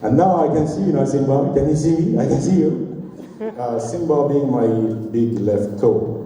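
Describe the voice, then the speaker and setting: A man's voice: medium pitch, normal speed, dark tone. A man in his forties hosting a company party, telling self-mocking jokes between acts. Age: 40s. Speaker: event emcee. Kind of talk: stand-up comedy hosting. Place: large party hall. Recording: distant, roomy hall recording.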